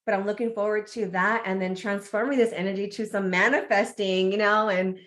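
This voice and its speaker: A woman speaks as a guest on a podcast, telling a candid personal story at an ordinary mid pitch. She talks in an animated way, laughs often and acts out her reactions. She sounds like a coach sharing her own experience. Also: a little fast.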